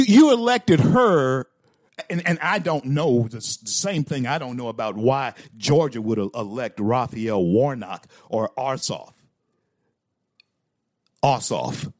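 Emphatic, slow-talking male host. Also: medium pitch, no room sound, clean studio sound. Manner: emphatic, repeats lines for effect; stammering restarts. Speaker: talk show host. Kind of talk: opinionated political commentary.

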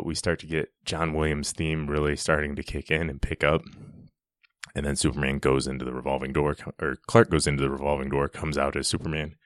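A man's voice: very deep voice, no echo, studio quality. A man giving a casual, enthusiastic commentary on a film scene, chatty and often restarting his sentences.

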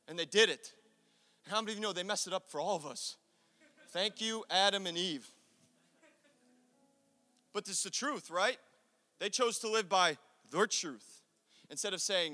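A man preaching a sermon as pastor, swinging from quiet asides to loud, drawn-out calls. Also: a little high. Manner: preaching with dramatic swings of volume and acted quotes. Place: church sanctuary. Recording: echoey church hall.

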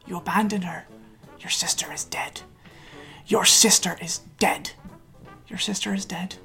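Woman doing whispered role-play, tormenting inner voices, harsh breathy whisper, relentless, low-pitched. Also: a little slow, music in the background. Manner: relentless, accusing repetition.

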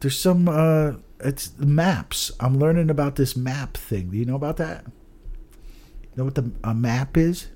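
A man's voice: mid-range voice, unhurried, dark tone. A man chatting casually on a podcast, rambling, swearing often and trailing off with "I don't know.". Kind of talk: casual chat.

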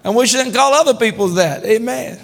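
High-voiced man preaching in a hall. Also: brisk, vocal fry. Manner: preaching with call-and-response, rising to shouts. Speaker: pastor. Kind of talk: sermon. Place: large church hall. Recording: long church hall reverb.

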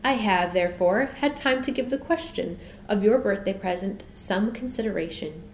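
A woman voicing an ancient, wise male king cobra in an audiobook, with a soft hissing voice and a slow, courtly manner. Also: mid-range voice, natural voice. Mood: gracious. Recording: roomy echo.

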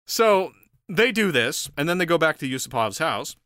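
A man telling a story in loose, casual chat, with a lively voice that climbs and dips and a bright, forward tone. He laughs often and acts out the characters' lines. The sound is dry and close. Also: fairly high pitch, normal speed, clean tone, no echo. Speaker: podcast co-host.

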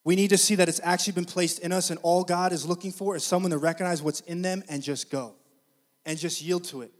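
A man preaching a sermon, telling a story conversationally to the congregation and building to loud, emphatic preaching. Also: high voice, fairly even intonation, quick pace. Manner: conversational, addresses the congregation directly.

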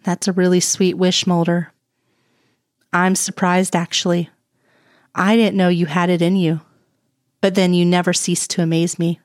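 Composed, teasing woman agent, read by a woman, low-ish and sultry, dry audio-story read. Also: level tone, moderate pace, pauses often, no echo, lightly acted.

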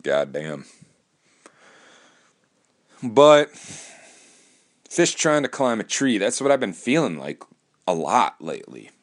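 A man from Wisconsin with a fairly low voice talks alone in a loose, profane, rambling monologue. He keeps restarting his sentences as he goes. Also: big pitch swings, slow pace, long pauses. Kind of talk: casual monologue.

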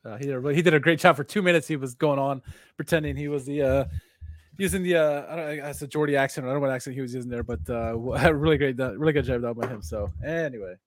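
A man's voice: medium pitch, fast, no room sound. A man co-hosting a casual soccer podcast who laughs often and cracks jokes between filler words. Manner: chuckling, jokey, filler-heavy. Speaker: podcast co-host. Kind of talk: casual sports podcast chat.

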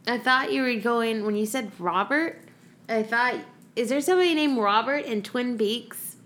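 A woman's voice: a little high, normal speed, fairly bright tone. A woman co-hosting a casual podcast chat, giggly and easily flustered. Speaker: podcast co-host.

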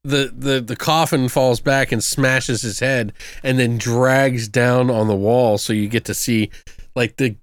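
A man talks through a film with his co-host in a loose, profane way, now and then jumping into silly voices to quote scenes. His pitch sits in the middle for a man, and the recording is close and dry with no room sound. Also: steady tone, a little slow, no echo. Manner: profane, quotes movie lines in put-on voices. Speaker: podcast co-host. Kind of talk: casual movie review chat.

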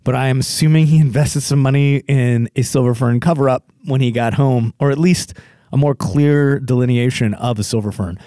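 A man in casual podcast chat, spinning anecdotes with lively energy and breaking into higher put-on voices for the people in his stories. His voice sits at an ordinary middle pitch. The sound is close and dry, with no room around it. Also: moderate pace, dry recording. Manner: animated storyteller, mimics others in jumpy high voices. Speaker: podcast guest.

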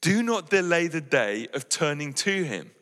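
A male pastor preaches with an earnest, pleading warmth, restarting phrases and leaning on "you know". His voice is bright and forceful, a little higher than most men's. The sound carries a long reverb from a hall. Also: sing-song, unhurried. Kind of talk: sermon.

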